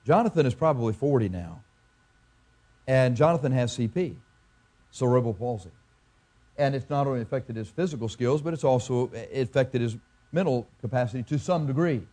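A man preaching a sermon as a pastor, telling a story and pressing his point with emphatic repetition and halting restarts. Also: medium pitch, lively intonation, warm tone.

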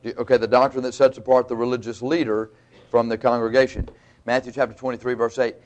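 A man's voice: medium pitch, level tone, fast talker, muffled recording. A man preaching a sermon in a folksy, conversational way, teaching verse by verse with asides to the congregation.

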